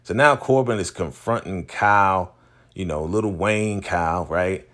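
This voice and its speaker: Low-voiced man casually recapping a TV episode. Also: unhurried. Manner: animated retelling with slang and repeated fillers. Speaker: TV recap host.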